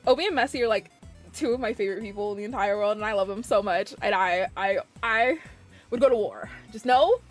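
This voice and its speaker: A woman's voice: on the high side, a little fast, faint music behind. A young woman streamer chatting casually with her viewers, gushing and giggling, often restarting her sentences. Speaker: variety streamer.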